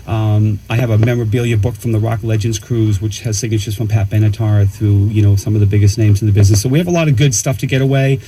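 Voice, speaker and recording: A man talking as a musician and producer guest in a casual radio interview, relaxed and chatty, often saying "man" and "you know". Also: on the low side, fast talker, few pauses, a little hiss or hum, poor audio.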